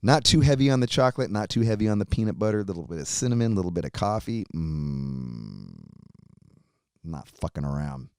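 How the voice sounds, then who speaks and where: A man with a low, resonant voice hosts a podcast in relaxed chat, rambling with cheerful profanity. The sound is dry and close, with no room around him. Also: racing, hardly any pauses, no echo. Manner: loose, profane, rambling enthusiasm. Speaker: podcast host.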